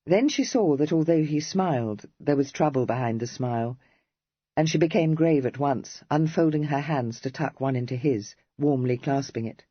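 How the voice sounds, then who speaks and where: Husky, lively-voiced audiobook narrator. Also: mid-range voice, no room sound, muffled recording. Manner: measured storytelling. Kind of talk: scripted narration.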